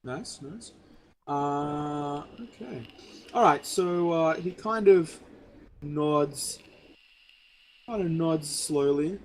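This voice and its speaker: A man's voice: fairly high pitch, drawn-out words, pauses often, a little hiss or hum, rough recording. A man running a tabletop game as game master, narrating in a loose, chatty way full of fillers.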